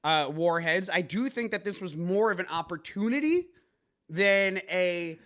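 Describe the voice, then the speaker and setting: Man, comedy news host, high voice, bright and forceful, rambling, lots of ums and restarts. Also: expressive, a little slow. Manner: rambling, joking, many fillers and restarts. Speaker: podcast host.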